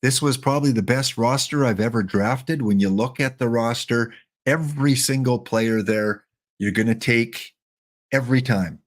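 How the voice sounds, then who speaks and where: Excited middle-aged man, rambling joking stream commentary, wired on coffee, mid-pitched voice. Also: moderate pace. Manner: chatty, joking, talks to chat bots. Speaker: live streamer playing a baseball sim. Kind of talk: casual live-stream commentary.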